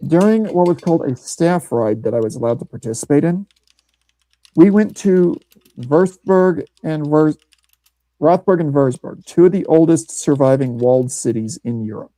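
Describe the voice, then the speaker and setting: A man from Missouri rambles through an anecdote, circling back and restarting his sentences. His voice is mellow and dark, and the sound is dry and close. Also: a little high, normal speed, dry recording, poor audio. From Missouri, USA. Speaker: podcast host. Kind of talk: casual chat.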